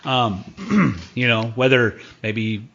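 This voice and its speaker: A man talking casually as a guest hunting expert on a podcast, animated and fond of acting out what the animals would say. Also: mid-range voice, drawn-out words, lo-fi sound.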